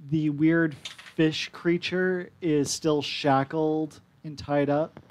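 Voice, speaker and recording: A man's voice: a little high, steady tone, slow pace, a little mellow. A man running a tabletop game as game master, describing scenes matter-of-factly. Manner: descriptive, matter-of-fact narration.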